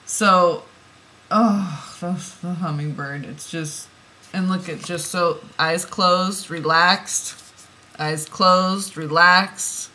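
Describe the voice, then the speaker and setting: A woman giving an oracle card reading, musing softly and then bursting into heated, swearing rants. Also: on the low side, steady tone, drawn-out words. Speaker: tarot reader.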